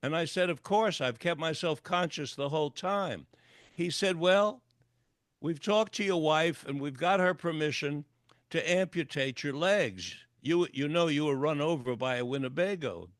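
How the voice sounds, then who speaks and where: As a guest on the radio, an older clinical psychologist and author vividly recounts a long personal story, acting out the dialogue with lively intonation at normal speed. His voice runs slightly high for a man, recorded dry and close with no room sound.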